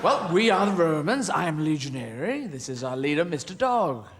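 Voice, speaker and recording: A man's voice: a little high, sing-song, normal speed. A man voicing a bumbling, stiffly polite male Roman legionary in a comedy act. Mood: pompous. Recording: live hall with loud audience noise.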